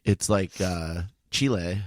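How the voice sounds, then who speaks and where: A man's voice: low voice, slow pace, no echo, studio quality. A man from Arizona chatting casually on a podcast, rambling and restarting his sentences. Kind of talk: casual chat.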